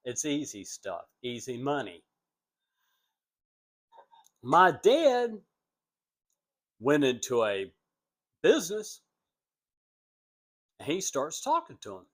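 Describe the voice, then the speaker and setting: A man recorded at home, unhurried and casual, telling a long story about his family. His voice sits a little high and swings hugely in pitch as he slips into the people he quotes. He talks slowly, pausing between short phrases. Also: huge pitch swings, fairly bright tone. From United States. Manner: rambling, acts out quoted voices with big pitch jumps. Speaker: vlogger telling family stories.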